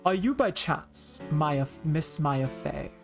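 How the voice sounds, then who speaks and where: A woman's voice: low voice, expressive, creaky, faint music behind, voice pushed down, full character voice. A woman doing a stiff formal butler. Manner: slow, formal. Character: polite, stiff male hotel butler.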